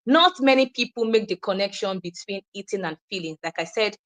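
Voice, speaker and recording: A young woman with a Nigerian accent giving an informal teaching session, animated and quick to laugh, acting out the people she quotes. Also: medium pitch. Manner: animated, acts out quoted voices, laughs often. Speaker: wellness speaker.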